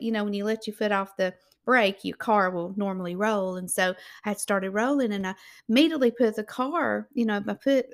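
A woman's voice: medium pitch, gravelly. A middle-aged woman with a Southern accent, telling a heartfelt personal testimony and acting out the voices of the people in it. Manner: heartfelt, animated, acts out voices.

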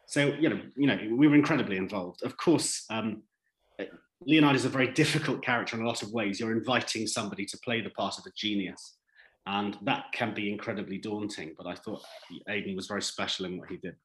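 A man who writes drama series talks through his work in an interview. He tells his answers as animated, thoughtful stories. His voice carries a roomy echo around it. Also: lowish voice, quick pace.

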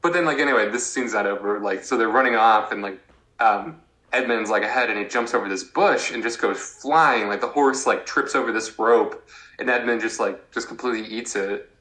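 A young man chats loosely about a show, peppering his talk with "like" and mimicking the characters as he goes. His voice sits on the low side but sounds bright. The room around him is echoey. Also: fairly quick. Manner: laid-back, lots of "like" fillers, acts out characters' lines. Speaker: podcast co-host. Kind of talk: casual recap chat.

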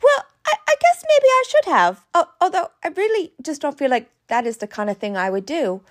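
Playful woman vlogger, casual storytelling, high pitch and very lively delivery. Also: brisk. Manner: playful, chatty, addresses viewers as "love bugs". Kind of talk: casual storytelling monologue to camera.

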